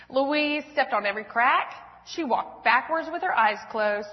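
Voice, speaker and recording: A woman in her thirties reads a children's story aloud to a church congregation, expressive and gentle. Her voice sits high. The sound is muffled and carries a long reverb through the church hall. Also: a little slow. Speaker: church speaker. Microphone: handheld or stand mic.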